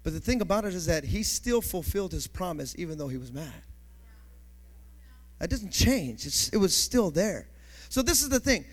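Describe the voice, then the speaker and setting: A male pastor preaching a sermon emphatically, building to shouts and calling for responses from the congregation. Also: sits high, big pitch swings, normal speed.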